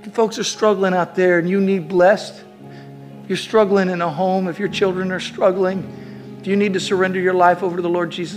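A man preaching a sermon in a church, exhorting his congregation with call-and-response and building to shouted declarations. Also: sits high, flat delivery, brisk, soft background music. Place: church sanctuary.

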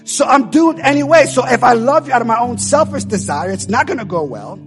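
A man with a very high voice delivers a sermon with fervor. He urges his listeners on with repeated calls, and soft music plays faintly behind him. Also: animated, brisk. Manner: preaching loudly, urging the congregation with repeated calls. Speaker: preacher. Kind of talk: impassioned sermon.

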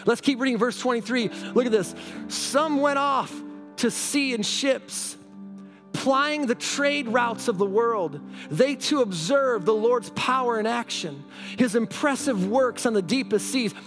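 Male preacher, very high pitch, fervent exhorting sermon and scripture reading, music bed. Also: normal speed. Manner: fervent, exhorting, repeats "now". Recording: background music.

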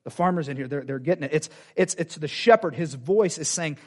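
A man preaching a sermon in a church, animated, repeating phrases and acting out quoted voices. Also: fairly high pitch, brisk, hardly any pauses. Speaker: pastor. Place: church sanctuary.

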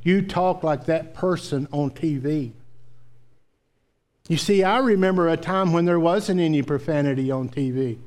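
A man's voice: fairly high pitch, unhurried, darkish tone. A male pastor preaching a sermon, telling folksy stories and repeating key phrases for emphasis. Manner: folksy storytelling, emphatic repetition.

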